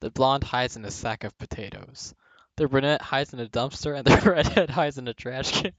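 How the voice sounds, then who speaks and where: A man's voice: medium pitch, moderate pace, no echo. A young man reading jokes aloud for a video, often breaking into laughter partway through a line. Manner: breaks into laughter mid-sentence. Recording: dull, dry home recording.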